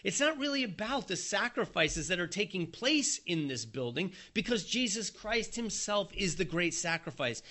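A man preaching a sermon in a fairly high, bright and forceful voice. He tells the story in a lively way and chuckles now and then as he goes.

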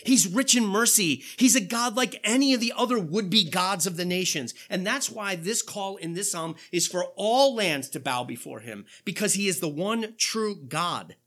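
Male pastor, sermon, lively rising-and-falling delivery, bright husky tone. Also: high-pitched, normal speed, few pauses. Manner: animated preaching, rhetorical questions, quoting scripture.

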